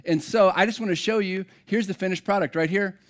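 Self-mocking pastor with a higher voice. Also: male voice, fairly quick. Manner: self-deprecating storytelling. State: slightly out of breath at start. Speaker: campus pastor. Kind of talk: humorous sermon opening.

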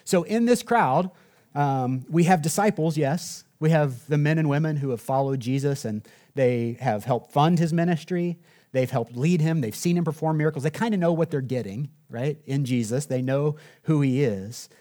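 Conversational male preacher, slightly high voice. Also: normal speed, mellow. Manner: conversational, asks the audience "right?", jokes. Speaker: pastor. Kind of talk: sermon.

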